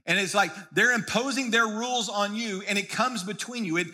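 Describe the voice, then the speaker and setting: A man's voice: high voice, brisk, bright, forceful tone. A man preaching a sermon as pastor, in a conversational way that often restarts and repeats words.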